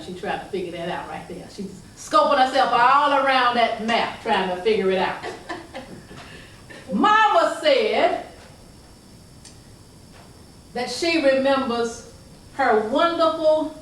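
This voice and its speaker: A Southern woman tells family stories in a slow, unhurried drawl, her voice sitting a touch high. She is heard from a distance in a very echoey hall, and a faint hum lingers behind her. Her delivery is folksy and emphatic, and she leans on key phrases. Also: fairly bright tone. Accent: Southern American. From southern United States. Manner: call-and-response, emphatic, folksy, stretches key phrases slowly. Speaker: storyteller. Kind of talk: oral family storytelling to an audience.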